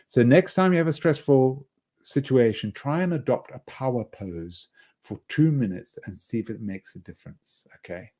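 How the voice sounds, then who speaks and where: Male trainer, mid-pitched warm voice, loose conversational lecture full of asides and restarts, punches up volume for emphasis. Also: lively intonation, normal speed. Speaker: presentation skills trainer. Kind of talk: online lecture.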